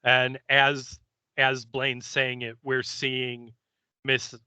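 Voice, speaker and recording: A man co-hosting a podcast, casually recapping an episode scene by scene and slipping into quick character voices. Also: mid-range voice, monotone, bright, forceful tone, clean tone, no echo. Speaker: podcast co-host.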